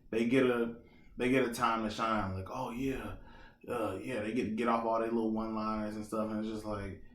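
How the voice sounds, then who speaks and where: A man hosting a casual solo podcast, talking in an animated, repetitive, slangy way and often checking in with the listener. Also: lowish voice, echoey room. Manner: animated, repetitive, slangy, keeps asking "you know what I'm saying". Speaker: podcast host.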